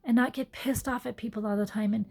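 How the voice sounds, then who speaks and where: Fast and a little high, her voice gravelly and slightly rough but steady in tone, a woman yoga teacher records an earnest, reflective monologue on her phone. She stays soft-spoken and drops into whispered asides.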